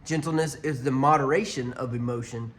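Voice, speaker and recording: A man's voice: mid-range voice, a little fast, a little hiss or hum. A man preaching a conversational sermon to viewers watching online, speaking through a church sound system. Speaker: pastor.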